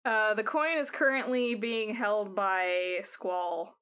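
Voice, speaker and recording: A woman's voice: mid-range voice, steady tone, takes it slowly, fairly bright tone, smooth. Rambling woman game master. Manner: rambling, filler-heavy. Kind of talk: narrating a tabletop game.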